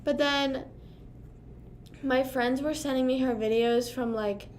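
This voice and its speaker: Young woman, fairly high voice, casual live-stream chat, rambling with fillers, faint room ambience. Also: steady tone, slow pace, a little hiss or hum. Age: young adult. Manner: rambling, filler-heavy, lots of "like" and "um".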